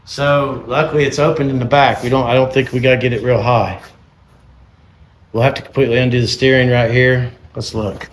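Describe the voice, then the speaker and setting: A man's voice: mid-range voice, a bit bright. A man co-hosting a casual vlog, talking in an easygoing way and walking through the work step by step. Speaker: channel co-host. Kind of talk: casual chat. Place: outdoors on a rural property.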